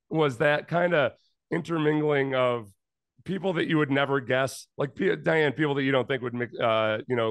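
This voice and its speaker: A man's voice: mid-range voice, no room sound. A man in a casual podcast chat, rambling and making wry jokes.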